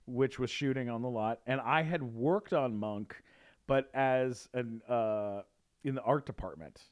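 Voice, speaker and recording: Rambling male storyteller, middle pitch. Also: unhurried. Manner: rambling storyteller, many fillers and restarts. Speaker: guest. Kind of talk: casual chat.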